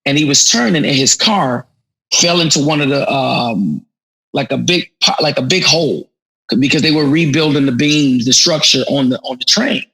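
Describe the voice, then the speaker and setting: Gravelly, animated man. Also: mid-range voice, moderate pace, rough recording. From Chicago. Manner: animated, slangy, frequent restarts. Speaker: podcast guest. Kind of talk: casual storytelling.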